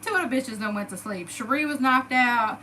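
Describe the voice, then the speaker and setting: Woman, 30s, brisk storyteller, swears freely, animated delivery, slightly high voice. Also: a little hiss or hum, rough recording. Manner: animated, profane, dramatic retelling. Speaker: storyteller vlogger. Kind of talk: casual storytime monologue.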